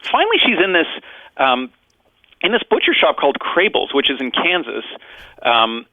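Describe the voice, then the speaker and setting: A man's voice: a little high, wildly swooping pitch, normal speed, no room sound. A man, a guest author, explaining his ideas in a conversational interview and building his points with rhetorical questions. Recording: tinny phone-line audio.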